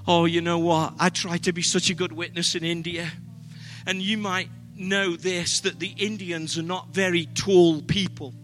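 A man's voice: sits high, bright, forceful tone. An English man preaching a sermon, telling humorous, self-deprecating travel stories to his congregation. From Britain. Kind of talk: sermon with storytelling.

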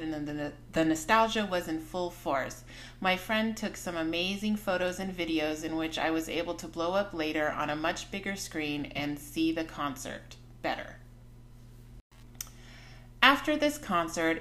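Podcast host, woman, 40s; candid personal storytelling, slightly low pitch, frank. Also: a bit bright.

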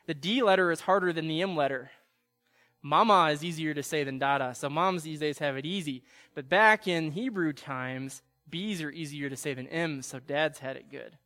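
A man's voice: on the high side, normal speed, bright, forceful tone. A young man preaching an earnest sermon as a pastor, his voice carried by a long church reverb. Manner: earnest, builds to pleading intensity.

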